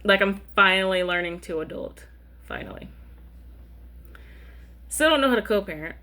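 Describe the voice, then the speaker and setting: A woman's voice: mid-range voice, expressive, fast talker, pushed and bright. 30ish woman vlogging, rambly chatty catch-up talk, keeps checking in with viewers. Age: 30s. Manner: chatty and rambling, keeps asking "you know what I mean". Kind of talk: casual chat to camera.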